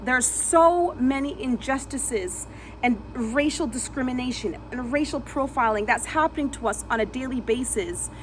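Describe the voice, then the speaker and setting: A woman vlogger telling a dramatic personal story vividly, re-enacting sounds and dropping to a hush at tense moments. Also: sits high, moderate pace, slight background noise.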